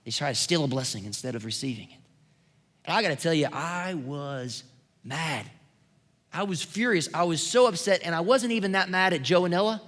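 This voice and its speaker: Man, pastor, storytelling sermon, slightly high voice, long reverb. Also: fairly quick. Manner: animated storytelling, rising to emphatic preaching. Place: church sanctuary.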